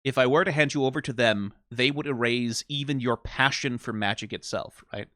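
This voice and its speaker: A man hosting an anime reaction, talking in casual, animated commentary, often asking "right?" and laughing. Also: medium pitch, a little fast, no echo, clean studio sound.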